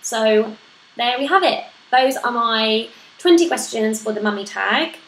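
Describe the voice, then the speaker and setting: A woman's voice: fairly high pitch, unhurried, fairly bright tone. A woman, chatting casually to camera as she answers questions about motherhood, often laughing at herself. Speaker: vlogger answering a parenting tag. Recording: echoey room with faint noise.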